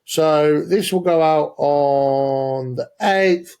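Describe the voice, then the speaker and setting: A man's voice: a little high, very slow, a little mellow, smooth. A man co-hosting a casual football podcast, opinionated and sweary, laying out his arguments step by step. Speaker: podcast co-host.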